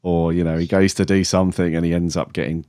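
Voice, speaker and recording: A man's voice: deep voice, level tone, fast, mellow, clean tone, no echo, clean studio sound. A man co-hosting a podcast in casual chat, rambling with fillers and frequent laughs. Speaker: podcast co-host.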